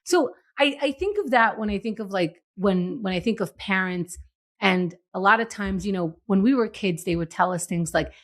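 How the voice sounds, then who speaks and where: A woman co-hosting a TV rewatch podcast, chatting casually and telling animated stories, often slipping into quoted voices. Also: medium pitch, moderate pace. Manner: animated, storytelling with acted quotes. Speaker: podcast co-host. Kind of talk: casual chat.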